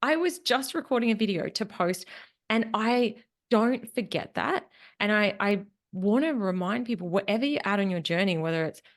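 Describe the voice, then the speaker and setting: A woman's voice: medium pitch, animated, normal speed. A woman hosting her podcast, candidly sharing personal stories in a casual chat. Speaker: podcast host, business strategist.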